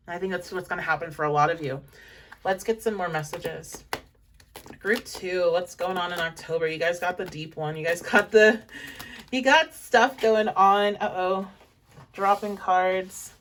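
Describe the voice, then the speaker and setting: A woman's voice: on the low side, normal speed, fairly bright tone. Chatty woman reading tarot, slightly distant. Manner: chatty, encouraging, rambling with fillers. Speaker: tarot reader. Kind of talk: pick-a-card tarot reading.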